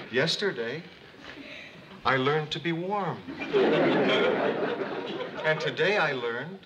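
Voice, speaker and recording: An actor playing a gruff, sarcastic middle-aged boss in a sitcom, with a dry delivery. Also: male voice, mid-range voice, dull audio, lightly acted. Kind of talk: sitcom acting. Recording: noisy old TV soundtrack.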